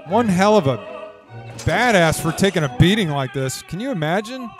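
A man giving casual reaction commentary over a film, excitable and swearing freely. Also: sits high, moderate pace. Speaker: YouTuber reacting to a video. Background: movie soundtrack music playing.

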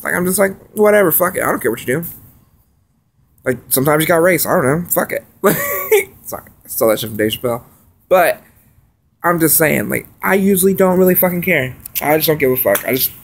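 A man venting in a profane, agitated late-night vlog rant that swings between loud outbursts and quiet mutters. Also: on the high side, gravelly. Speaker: vlogger.

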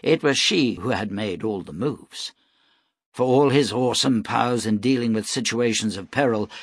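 A man narrating an audiobook in a steady, even storytelling manner. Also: on the low side, no echo, clean studio sound. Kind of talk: scripted narration.

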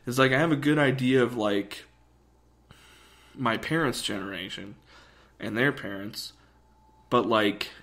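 A young man chats loosely as a podcast co-host, rambling and animated. His voice sits at a middle pitch with a gravelly edge. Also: unhurried, long pauses. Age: young adult. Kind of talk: casual chat.

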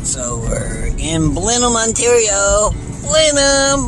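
A man's voice: sits high, expressive, unhurried, loud music behind the voice, low-quality recording. A man vlogging outdoors in the cold countryside, barking "woof" between sentences and talking about himself in the third person. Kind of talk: casual vlog narration. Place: outdoors in cold rural woods, later in a car.

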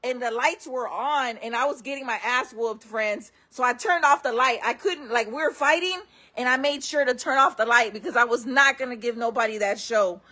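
A woman's voice: on the high side, sharp tone. A woman telling her own stories to camera in casual, candid talk, often calling her viewers friends. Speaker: storyteller host.

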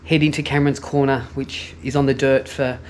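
A man's voice: medium pitch, flat delivery, fairly quick. An Australian man vlogging a motorbike road trip, teasing his companion with cheeky questions.

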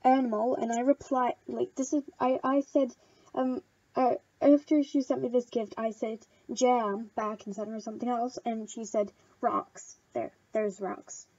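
A rambling, excitable woman chats through a casual gameplay video and gushes over each gift. Her voice sits a little high with a mellow tone. The sound is dull and lo-fi, close and dry. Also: measured pace, no echo. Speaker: channel host.

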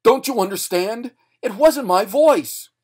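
A frightened male ventriloquist who pleads in a strained, shaky voice, acted out by a man. His pitch sits higher than a plain reading voice, and he keeps pushing for belief. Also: big pitch swings, moderate pace, close to an everyday voice. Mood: panicked. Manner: pleading, strained, rising to screams.

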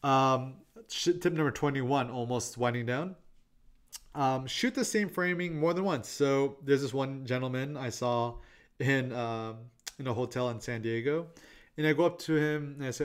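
A man presenting tips on street photography in a relaxed, chatty way. He talks quickly and tells his stories with plenty of "um" and "I'm like", at a middle pitch. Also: clean tone. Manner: chatty and quick, with many fillers and "I'm like" asides. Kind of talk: casual presentation with anecdotes.

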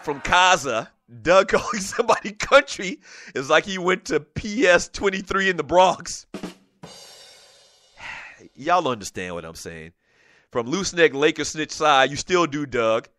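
A man's voice: a little high, unhurried. A middle-aged man from South Carolina with a light Gullah Geechee accent, hosting a casual sports talk show and joking as he reads viewer comments. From South Carolina low country near Charleston. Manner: animated, joking, laughs often. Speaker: show host. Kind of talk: casual sports talk, reading live chat.

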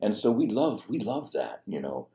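A man's voice: fairly low pitch, sing-song, moderate pace, warm tone. A man preaching a sermon as a priest, talking conversationally with fillers and restarts. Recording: echoey room.

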